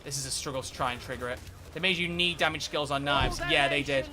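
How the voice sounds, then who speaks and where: A man giving live, excitable gameplay commentary as a streamer, swearing and bursting into shouts. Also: mid-range voice, fast, crowd noise. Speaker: game streamer.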